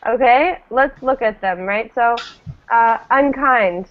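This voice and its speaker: Woman, teacher, patient pronunciation drill, slow, fairly high voice, tinny phone-like sound. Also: faint music behind. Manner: patient, models each word clearly. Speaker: English teacher. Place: classroom. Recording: tinny phone-like classroom recording.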